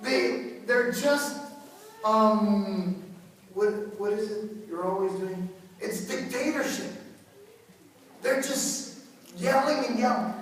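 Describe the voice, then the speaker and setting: A male priest preaches in an animated, joking way, often repeating himself. His voice carries a long reverb and sounds distant from the microphone, as in a large church. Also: sits high, takes it slowly, pauses often. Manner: animated, repetitive, joking storyteller. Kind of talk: sermon. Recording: echoey hall, far from mic.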